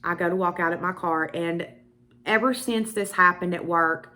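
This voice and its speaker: A young beauty vlogger with a Southern US accent talks to camera at normal speed, sharing a personal story full of emphatic asides. Her pitch is fairly low and her tone bright and forceful, keeping the storytelling casual.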